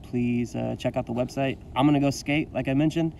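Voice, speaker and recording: A male teacher reading a story aloud to his class in an expressive, dramatic first-person manner. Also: mid-range voice, brisk, creaky, distant mic, noisy background.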